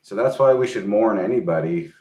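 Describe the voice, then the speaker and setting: A man, a podcast guest in casual chat, speaking calmly and in a measured way. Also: fairly low pitch. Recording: roomy, distant from mic.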